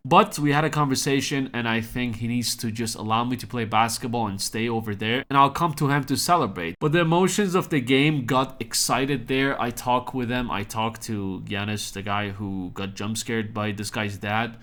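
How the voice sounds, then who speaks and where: A young man talks through the news in a relaxed, conversational commentary. He jokes crudely and speaks at an average pitch. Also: moderate pace, few pauses. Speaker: commentary YouTuber. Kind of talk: casual commentary vlog.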